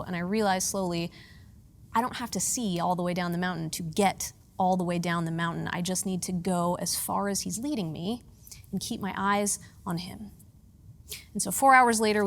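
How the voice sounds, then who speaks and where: Lively, self-mocking woman preacher. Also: fairly low pitch, a little hiss or hum. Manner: lively, self-mocking humor with earnest hushed moments. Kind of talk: storytelling sermon.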